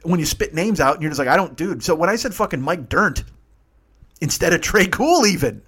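A man's voice: fairly high pitch, sing-song, a little fast, a bit bright, breathy edge. A man, hosting a podcast and telling rambling, profane stories in a casual solo monologue. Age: 50s. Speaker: podcast host.

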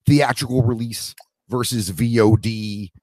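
A man's voice: medium pitch, steady tone, a little slow, darkish tone, dry recording. A man interviewing a filmmaker in a casual chat. He asks long, rambling questions and laughs easily.

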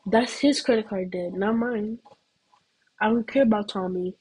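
A woman's voice: medium pitch, moderate pace, darkish tone, breathy edge, poor audio. A teenage girl student in a casual comedic rant, rambling and giggling with lots of "like". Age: teens.

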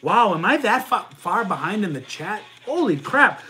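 Man, livestream host, loud, energetic, high voice, casual chat, faint music behind. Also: moderate pace. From Italian heritage. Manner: loud and energetic, says he yells; reads viewer comments aloud, talks numbers out loud.

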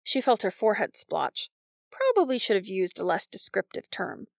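A woman narrating a novel in a wry, even storytelling manner. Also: mid-range voice, normal speed, creaky, no room sound, studio quality. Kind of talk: scripted audiobook narration.

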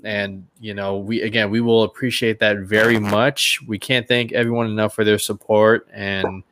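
A man's voice: fairly low pitch, flat delivery, normal speed, a bit bright, dry recording. A young man co-hosting a podcast, easygoing and joking as he does the channel plug. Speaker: podcast co-host. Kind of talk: casual chat, channel plug.

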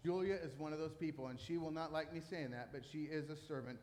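Animated pastor preaching in a hall. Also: male voice, fairly high pitch, fast. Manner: storytelling, animated, self-mocking humor. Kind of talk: sermon. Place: church stage in a large hall. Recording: long reverb of a hall.

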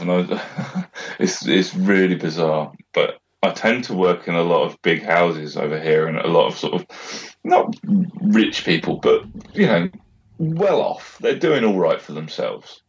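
A man's voice: low-pitched, dull audio. A middle-aged man from Britain, chatting casually and rambling, swearing freely and laughing often. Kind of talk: casual chat.

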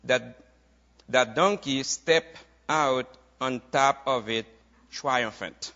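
A man preaching a sermon, repeating key phrases in a steady preaching cadence. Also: medium pitch, slow. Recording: dull lo-fi recording.

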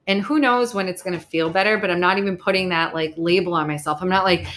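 She talks fast with few pauses, her fairly low voice carrying a bright tone. As the sole host of a casual podcast, this young adult woman discusses staying positive bluntly and with plenty of swearing.

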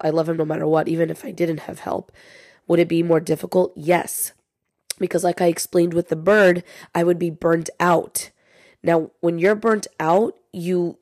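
Young mom chatting on her podcast, kinda low mellow voice, dry close mic, keeps saying you guys. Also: no room sound. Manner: chatty, confiding, says "you guys" often. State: sick. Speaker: podcast host. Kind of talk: casual chat to listeners.

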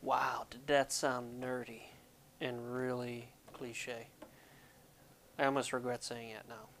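A man's voice: medium pitch, flat delivery, slow, gravelly, fairly bright tone, a little hiss or hum. A man hosting a casual devotional talk to viewers, jokey and rambling, poking fun at himself. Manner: jokey, rambling, self-deprecating. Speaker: ministry video host. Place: Pennsylvania.

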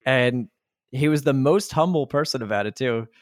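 A man's voice: mid-range voice, normal speed, no echo, clean studio sound. A man who teaches art, chatting as a guest in an easygoing, self-deprecating way and laughing often. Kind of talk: casual interview chat.

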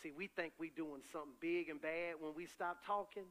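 A pastor delivers an animated sermon in a high, ringing voice. He talks. He moves between loud, rising calls and low, confiding asides. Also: fairly quick.

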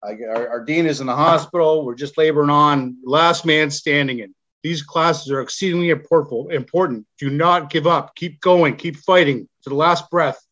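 A man's voice: on the high side, normal speed, few pauses, a bit bright, muffled recording. A man preaching earnestly in an online Bible class, repeating himself as he exhorts the listeners, while ill with covid. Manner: repetitive, earnest exhortation with stumbles.

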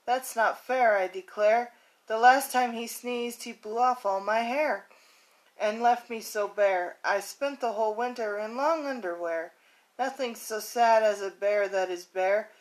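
A woman's voice: fairly high pitch, measured pace, natural voice, rough recording. A woman voicing an indignant male bear in a picture book, complaining in rhymes.

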